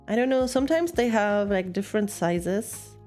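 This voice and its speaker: A woman's voice: mid-range voice, lively intonation, moderate pace, darkish tone, soft background music. A young woman streaming while she crafts, chatting casually in a rambling way, giggling often and telling puns.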